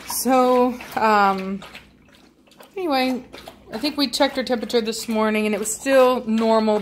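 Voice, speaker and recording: A dog breeder who vlogs chats casually with viewers from home, sitting among her dogs. Her mid-range voice is fairly bright, and she rambles with lots of fillers, going firm whenever she scolds the dogs.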